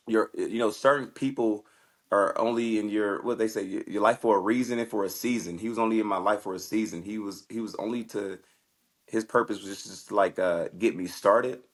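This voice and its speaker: A man, a guest on an interview show, casually telling stories about his past in an animated way, acting out conversations with lots of "I was like". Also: fairly low pitch, brisk. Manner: animated, acts out quoted exchanges with lots of "I was like". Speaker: guest, former football player turned fighter.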